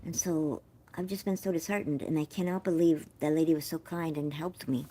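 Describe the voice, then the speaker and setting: A woman's voice: sits low, fairly even intonation, brisk, warm tone. An American woman from California hosting a casual live-stream chat from home, talking straight to her viewers in a chatty, effusive way. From California, USA. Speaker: livestream host.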